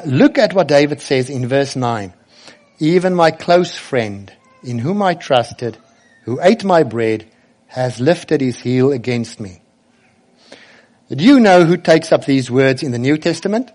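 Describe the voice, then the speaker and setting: A man preaching a sermon, emphatic, slowing and rising as he quotes scripture. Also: mid-range voice, a little mellow.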